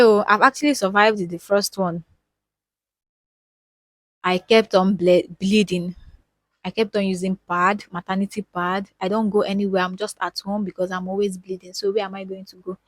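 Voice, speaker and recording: A woman's voice: medium pitch, no room sound. A young woman with a Nigerian accent, speaking emotionally and repeating words for emphasis as she tells a personal story to her viewers. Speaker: vlogger.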